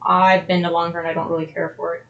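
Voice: mid-range voice, completely flat delivery, fast talker, creaky, lo-fi sound. A young adult co-host of a podcast, chatting casually with friends while scrubbing a stain out of the carpet. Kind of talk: casual chat.

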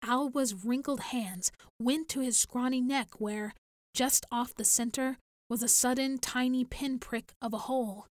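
A woman reading a science fiction story aloud in a measured storytelling manner. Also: on the high side, no echo, studio quality. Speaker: narrator. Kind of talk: audiobook reading.

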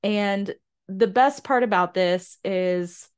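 Woman podcast host, middle pitch, earnest and sentimental, casual book chat with restarts. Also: takes it slowly, clean tone. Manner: frequent restarts and fillers. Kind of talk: casual book discussion and recap.

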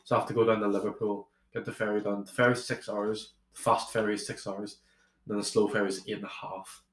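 A man's voice: fairly low pitch, flat delivery, fast, a bit bright. Rambling young man in an echoey room. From Ireland. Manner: rambling, with many restarts and swearing. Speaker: podcast guest. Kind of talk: casual storytelling chat.

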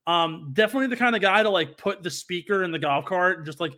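A man's voice: high-pitched, quick pace, bright, forceful tone. A young man co-hosting a podcast, chatting casually and telling a story with lots of fillers and restarts. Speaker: podcast co-host. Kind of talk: casual chat.

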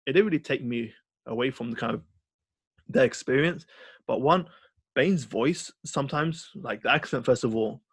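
Guy cohosting a podcast, bit husky, dry close sound, rambly and animated, lots of uhs. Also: medium pitch, normal speed, dry recording. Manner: rambling, animated storyteller with many fillers. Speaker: podcast co-host. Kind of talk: casual film chat.

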